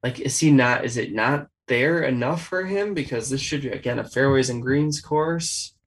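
A man's voice: medium pitch, moderate pace, low-quality recording. A man hosting a casual golf betting chat, rattling off odds and stats. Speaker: golf betting podcast host.

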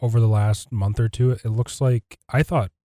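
A man's voice: medium pitch, fairly even intonation, normal speed, mellow, no echo, clean studio sound. A man co-hosting a casual betting chat, hesitant and trailing off before blunt opinions. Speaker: podcast co-host.

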